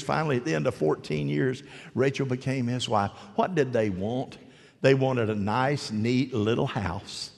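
A man's voice: mid-range voice, vocal fry, a little mellow. A man preaching a sermon to a congregation, telling a story in a folksy, joking way and asking the crowd questions. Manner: folksy, storytelling, jokey asides. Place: large hall with an audience. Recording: long hall reverb.

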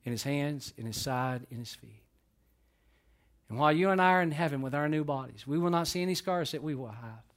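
A middle-aged man preaching a sermon to his church, swinging between loud emphatic peaks and soft hushed lows. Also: lively intonation, fairly quick. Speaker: pastor. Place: church sanctuary.

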